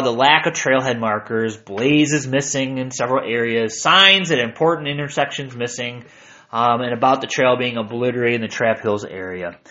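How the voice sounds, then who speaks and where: A man reads his own hiking journal aloud with wry, self-mocking humor. His voice is bright and fairly high, with lively swings in pitch. The recording sounds a bit dull and lo-fi. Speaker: narrator.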